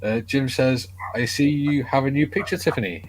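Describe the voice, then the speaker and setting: A man's voice: mid-range voice, normal speed, slight background noise, low-quality recording. Cheerful man reading chat comments. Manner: cheerful, reads comments aloud. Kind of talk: casual live-stream chat.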